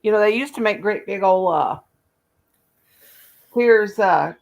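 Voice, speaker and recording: A woman's voice: mid-range voice, measured pace, gravelly, poor audio. A middle-aged woman with a Southern US accent hosts a casual crochet livestream, playful and chatty, humming nonsense syllables. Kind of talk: casual live chat.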